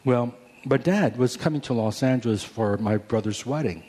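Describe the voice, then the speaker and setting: Pastor in his 40s, sermon testimony; warm low voice with a husky edge, earnest, restarts often. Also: moderate pace. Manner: earnest storytelling with many restarts.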